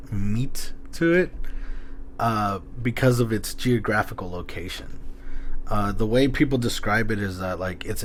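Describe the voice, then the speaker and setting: Man, podcast co-host, rambling, excitable, filler-heavy, faint background hiss. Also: lowish voice. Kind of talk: casual podcast chat.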